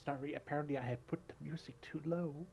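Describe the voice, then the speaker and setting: A man narrating a tabletop game as game master, setting scenes in an unhurried, casual way. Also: on the high side, steady tone, gravelly, dark tone, a little hiss or hum.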